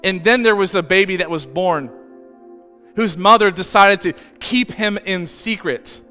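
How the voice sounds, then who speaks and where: A man's voice: sits high, measured pace, pushed and bright. A man preaching a sermon as pastor, telling the story in a conversational way with asides. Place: church. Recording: reverberant church hall with faint music.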